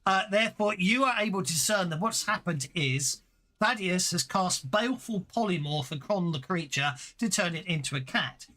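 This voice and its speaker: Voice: medium pitch, animated, normal speed, pushed and bright. A game master narrating a tabletop game in a chatty way, stopping now and then to correct themself.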